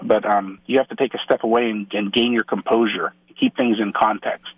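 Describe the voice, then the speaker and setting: A man's voice: fairly low pitch, fairly even intonation, fairly quick, slightly rough, no room sound, muffled recording. Man telling stories on a phone-in show. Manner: storytelling, acts out quoted dialogue, many restarts. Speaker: guest on a Catholic radio show. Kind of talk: casual radio interview talk.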